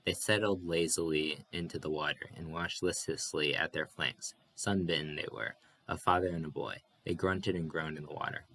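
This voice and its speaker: Brief: a deep-voiced male reader, calm and even through the narration. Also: normal speed, no room sound. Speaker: audiobook reader. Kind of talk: reading a novel aloud.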